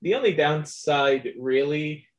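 A man's voice: fairly high pitch, unhurried, rough recording. A man hosting a podcast interview, hesitant and full of fillers, laughing often. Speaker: podcast host. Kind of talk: casual interview.

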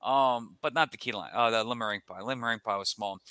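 A man's voice: mid-range voice, very fast, clean tone, no room sound. A man co-hosting a sports podcast, chatting casually and acting out his family's lines as he tells a story. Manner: animated storyteller, acts out family members' lines. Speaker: podcast co-host. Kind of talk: casual chat.

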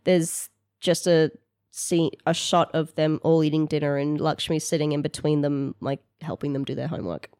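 A woman's voice: low-pitched, moderate pace, a little mellow, dry recording, clean studio sound. A woman playing in a tabletop game, narrating her character's actions in a casual, meandering way. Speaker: player.

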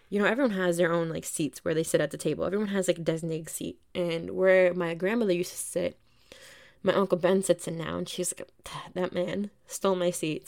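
A woman's voice: fairly low pitch, gravelly. A young woman hosting a podcast, telling a story in a casual, chatty way, full of "like" and mild swearing. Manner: chatty, swears freely, lots of "like". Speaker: podcast host.

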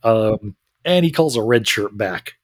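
A man's voice: on the low side, expressive, measured pace, no echo, clean studio sound. A man co-hosting a podcast, retelling an episode in casual chat with mock quotes and frequent laughter. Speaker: podcast co-host.

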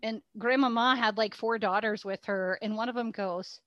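A woman, co-hosting a podcast and telling an animated story, laughing as she goes. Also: on the high side, moderate pace, no room sound, highs cut off. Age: 40s. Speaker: podcast co-host. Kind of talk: casual storytelling chat.

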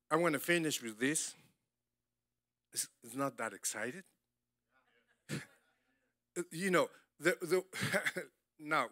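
A man preaches with a high, bright voice. He keeps an unhurried pace, speaks in animated, broken English and laughs often. The sound is dry and close, with little room around it. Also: dry recording. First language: Spanish. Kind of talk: sermon.

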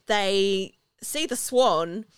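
A woman's voice: medium pitch, drawn-out words, clean tone, no room sound. A woman hosting a podcast, chatting enthusiastically as she recaps a film. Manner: chatty, enthusiastic, acts out quotes. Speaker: podcast host. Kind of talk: casual chat recapping a film.

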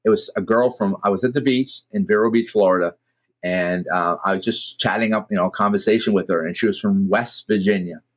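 Man, Boston accent, middle-aged, low pitch, chatty podcast host, lots of restarts. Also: a little fast. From Massachusetts. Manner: rambling, animated storytelling with many restarts. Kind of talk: casual chat.

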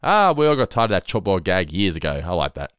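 Male co-host, fairly low, very dry sound, animated and sweary. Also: fast, clear, resonant tone, no room sound. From Australia. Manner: animated, swears freely, acts out quotes. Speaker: podcast co-host. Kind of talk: casual chat.

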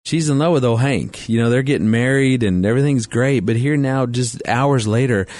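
A man's voice: medium pitch, moderate pace, darkish tone, no echo. A middle-aged man speaking on marriage and family, telling stories with a chatty manner, laughing often and restarting sentences. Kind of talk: storytelling talk with faith references.

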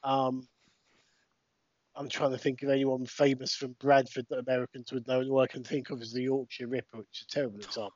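A man's voice: medium pitch, little pitch movement, fast talker, darkish tone, dry recording, highs cut off. A British man co-hosting a podcast, chatting casually as he commentates on old wrestling footage and explains things for overseas listeners. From United Kingdom. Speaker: podcast co-host. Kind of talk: casual watch-along commentary.

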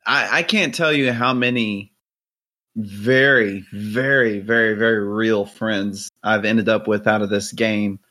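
A man's voice: on the low side, fairly even intonation, slow, pushed and bright. A man hosting a casual podcast, telling stories in a rambling way with restarts and fillers. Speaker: podcast host.

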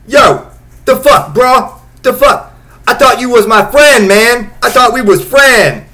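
A man voicing a furious young man who yells in slang at a former friend. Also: very high-pitched, expressive, takes it slowly, pitched above the performer's own voice, exaggerated voice. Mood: angry yelling. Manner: shouting, indignant, slangy.

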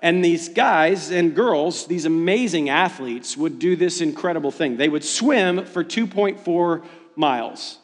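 Male pastor, sermon delivery, animated and self-deprecating, higher voice, hall reverb. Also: a little slow. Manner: animated, self-deprecating storytelling with rising pitch when excited.

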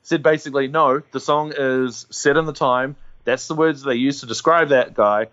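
A man's voice: mid-range voice, steady tone, a bit bright. Joking New Zealand man, dry humor. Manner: quick, joking, laughs often, dry humor. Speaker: podcast host. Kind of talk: casual chat. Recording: slightly dull lo-fi sound.

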